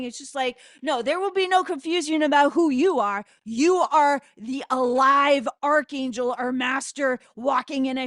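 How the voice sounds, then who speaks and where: Fervent, high-voiced woman spiritual teacher. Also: dry recording, studio quality. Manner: loud, fervent, swears for emphasis. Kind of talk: impassioned spoken prayer. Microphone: close microphone.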